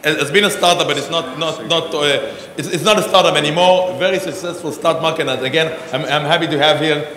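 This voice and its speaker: A man's voice: a little high, a little fast, hardly any pauses, pushed and bright. A man hosts a conference and introduces a panel on stage, rambling with many fillers and restarts. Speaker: conference host. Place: large conference hall. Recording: echoey hall with a long reverb.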